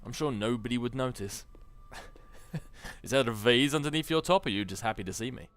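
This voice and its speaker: A man's voice: medium pitch, a little fast, a bit bright, dry recording. A man giving casual, jokey commentary over a video game, musing aloud and laughing often. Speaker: gameplay commentator. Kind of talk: casual Let's Play commentary.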